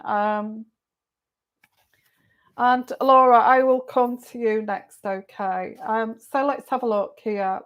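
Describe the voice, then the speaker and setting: Slow, chatty woman reading tarot live. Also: mid-range voice. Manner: chatty, greets viewers by name, repeats questions aloud. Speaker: tarot reader.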